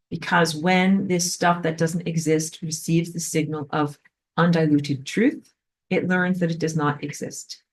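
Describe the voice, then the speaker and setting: A woman giving a spiritual class lecture in an animated way, filled with frequent "like". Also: on the low side. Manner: animated, acts out quoted voices, frequent "like". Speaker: spiritual teacher.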